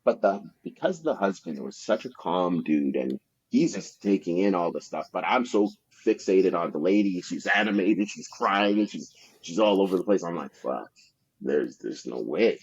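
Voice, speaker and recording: A man with a very low, husky voice rambles through his sales stories as a podcast guest, casual and profane, full of fillers. The recording sounds dull and lo-fi. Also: animated, moderate pace. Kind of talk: casual anecdotal storytelling.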